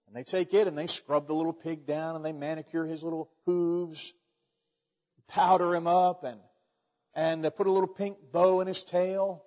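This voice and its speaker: Folksy male preacher, higher-pitched voice, dull muffled recording in a big echoing hall. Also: darkish tone. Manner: folksy storytelling with frequent restarts. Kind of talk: sermon.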